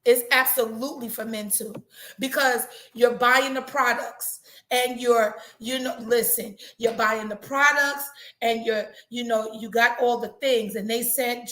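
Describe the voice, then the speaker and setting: A woman hosting a casual live talk, chatty and animated, repeating herself for emphasis. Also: a little high, unhurried, reverberant. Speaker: host.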